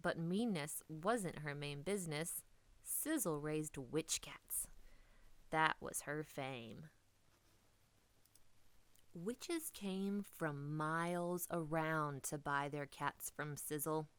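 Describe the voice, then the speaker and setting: A woman reading a children's storybook aloud, expressive and dipping into whispers for drama. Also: low-pitched, takes it slowly, no room sound.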